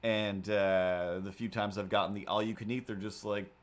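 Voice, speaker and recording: A man's voice: on the low side, moderate pace. A man in his forties casually telling an anecdote on a livestream, acting out voices as he goes. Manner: animated, acts out voices in anecdotes. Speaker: livestream host.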